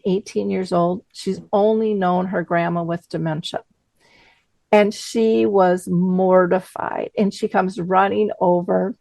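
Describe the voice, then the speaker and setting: A woman's voice: medium pitch, steady tone, unhurried, vocal fry, mellow, dry recording. A middle-aged woman hosting a panel chat, telling a story with animation and acting out the voices she quotes. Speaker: host.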